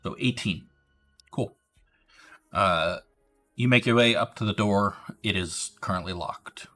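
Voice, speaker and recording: A man narrating as dungeon master, relaxed, with many fillers. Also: lowish voice, unhurried, faint music behind. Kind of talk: narrating a tabletop game.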